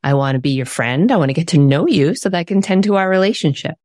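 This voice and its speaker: Low-voiced earnest woman guest. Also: quick pace, darkish tone, no echo, clean studio sound. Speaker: author guest. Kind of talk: reflective interview talk.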